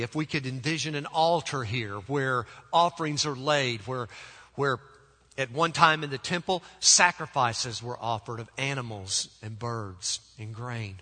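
A man preaching a sermon as pastor. He speaks emphatically, with deliberate pauses, and often drops to soft, low tones. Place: church sanctuary. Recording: long church reverb.

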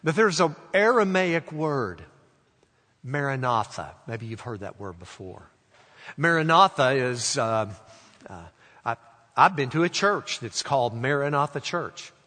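Slow-preaching man in an echoing hall. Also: mid-range voice, expressive. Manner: slow deliberate preaching, drawing out quoted phrases softly. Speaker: pastor. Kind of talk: sermon. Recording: long hall reverb.

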